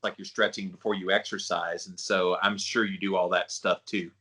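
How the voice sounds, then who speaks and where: A man's voice: sits low, little pitch movement, normal speed, pushed and bright. A man hosting a podcast, chatting in a friendly, rambling way with his guest. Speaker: podcast host. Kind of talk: casual interview chat.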